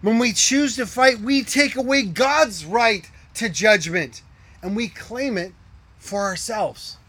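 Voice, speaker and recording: A man preaching a sermon as pastor, earnest, asking rhetorical questions and dropping to hushed tones. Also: high voice, takes it slowly.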